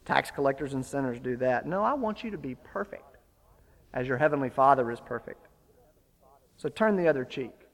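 A man preaching a sermon, retelling a story with lively, building emphasis. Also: medium pitch, moderate pace, long reverb tail. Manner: storytelling, animated, rising to forceful emphasis.

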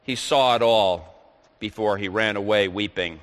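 A man's voice: fairly low pitch, a little slow, fairly bright tone. A man preaching a sermon, reading scripture aloud and then explaining it. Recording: long reverb of a large hall.

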